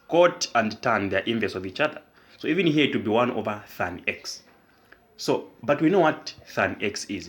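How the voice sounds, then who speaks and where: A man's voice: on the low side, a bit bright. A man tutoring math, explaining each step and prompting with questions. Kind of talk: whiteboard math lesson.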